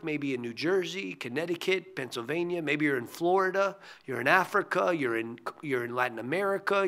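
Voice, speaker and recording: A man who is a pastor, giving a short devotional sermon in an earnest way, often dropping to a hushed near-whisper on key phrases. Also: fairly high pitch, vocal fry.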